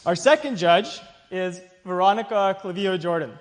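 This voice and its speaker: A man's voice: high voice, expressive, normal speed. A man hosting a science contest, introducing judges with playful teasing jokes and frequent laughs. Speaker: event host. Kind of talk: joking emcee introductions. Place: large hall with audience. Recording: echoey hall with crowd and noise.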